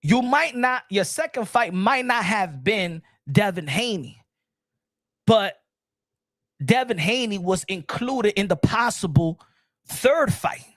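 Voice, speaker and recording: A man giving casual boxing commentary, animated, repeating himself and firing off rhetorical questions. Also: sits high, slow pace, dry recording, clean studio sound. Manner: animated and repetitive, many restarts and rhetorical questions.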